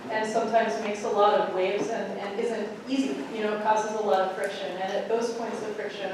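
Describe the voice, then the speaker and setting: A woman giving an earnest, measured farewell tribute to a church gathering. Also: medium pitch. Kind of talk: earnest speech to a congregation. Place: church hall in front of a gathering. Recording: echoey hall, distant mic, steady noise.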